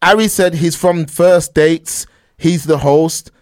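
A man hosting a casual reaction stream, animated and talking straight to his chat. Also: a little high, slow pace. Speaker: stream host reacting to a clip.

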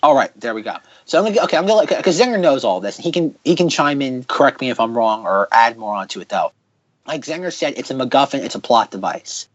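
A man hosting a podcast in casual chat, ranting sarcastically in quick bursts. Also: medium pitch, very animated, dry recording, dull audio. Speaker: podcast host.

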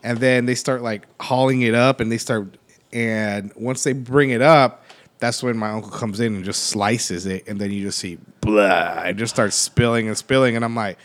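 A man co-hosting a podcast, telling relaxed anecdotes in casual chat with the odd swear. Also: on the low side, normal speed. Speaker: podcast co-host.

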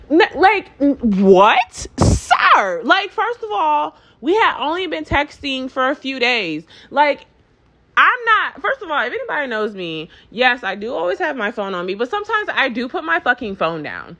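Animated, high-voiced woman telling a storytime. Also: measured pace. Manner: profane, rambling, filler-heavy; animated, acts out both sides. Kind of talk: casual storytime chat.

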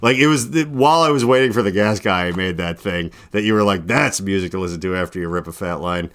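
This young man speaks low, fast and a little bright as he hosts a casual late-night podcast. He rambles through a long story packed with "like," acting out both sides of his phone calls.

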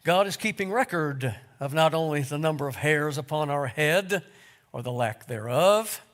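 A man preaching a sermon, unhurried, with small restarts and self-deprecating humor. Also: a little high, expressive, a bit bright.

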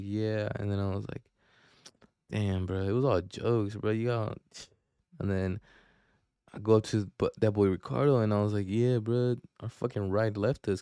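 A man's voice: on the low side, a little mellow, no room sound, studio quality. Young man rambling in Bay Area slang. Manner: profane slangy rambling, frequent restarts. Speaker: podcast host. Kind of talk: casual storytelling.

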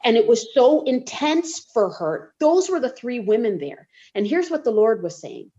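A woman co-hosting a faith podcast, teaching from the Bible in an expressive, storytelling way and acting out the quotes. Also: fairly high pitch, normal speed. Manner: uses y'all. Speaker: podcast co-host. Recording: slightly dull lo-fi sound.

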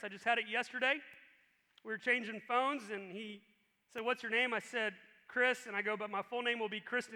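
A male pastor preaching a sermon with animated emphasis. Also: high voice, clear, resonant tone. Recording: long reverb in a large hall.

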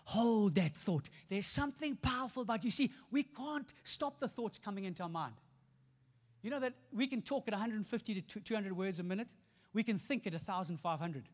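High-pitched and expressive, a pastor preaches at a fairly quick pace to the congregation in front of his church stage. He's emphatic, circling back to repeated phrases and inviting responses, all under a long hall reverb.

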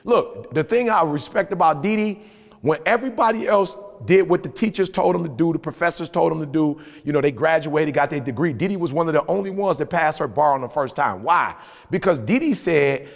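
A man's voice: a little high, fairly quick, gravelly, big-room sound. A man co-hosting a podcast, telling motivational stories in slangy casual talk and acting out other people's voices. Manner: animated storytelling, acts out voices, slangy. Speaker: podcast co-host.

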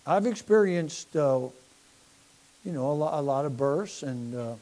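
Folksy rambling preacher, mellow-voiced man. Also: on the high side, animated, unhurried. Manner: rambling, self-deprecating, repeats words, swings from quiet to loud. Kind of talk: folksy sermon.

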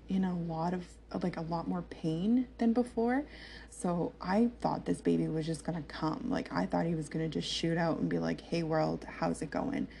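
A woman's voice: fairly low pitch, creaky, mellow, a little hiss or hum. A young woman telling a personal story to her viewers in a chatty, candid way, with lots of fillers and laughter. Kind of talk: casual storytelling to camera.

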